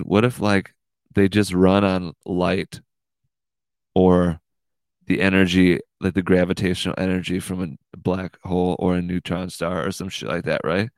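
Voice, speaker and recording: A man's voice: sits low, darkish tone, clear, resonant tone, no echo. A man hosting a casual livestream podcast, rambling and swearing, saying "dude" a lot. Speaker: podcast host.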